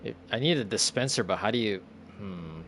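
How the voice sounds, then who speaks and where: A man's voice: lowish voice, lively intonation, fairly quick, fairly bright tone, slight background noise. A young man casually talking to himself while playing a game, often confused and swearing under his breath. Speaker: gameplay streamer. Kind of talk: casual gameplay commentary.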